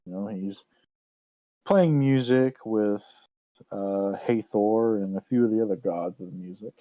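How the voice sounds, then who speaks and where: A man narrating as game master of a tabletop game, in a relaxed, meandering way. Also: on the low side, unhurried, no echo, muffled recording.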